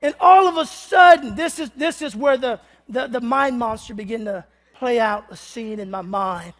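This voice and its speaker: A man preaching a humorous sermon, telling a comic story with animated delivery and sudden shouts. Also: extremely high pitch, normal speed. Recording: long reverb of a large hall.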